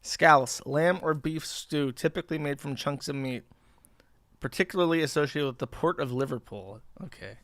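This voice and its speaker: Male streamer in his thirties, slightly high voice, dry close mic, sneering and profane. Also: moderate pace, fairly bright tone, no room sound. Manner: sarcastic, profane, mocking. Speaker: livestream host. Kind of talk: casual commentary reading posts aloud.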